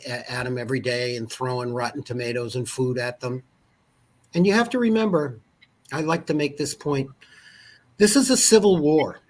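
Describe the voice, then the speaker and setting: Husky Boston man telling a story. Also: medium pitch. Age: 50s. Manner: rambling, digressive history storytelling. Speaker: guest. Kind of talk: conversational storytelling.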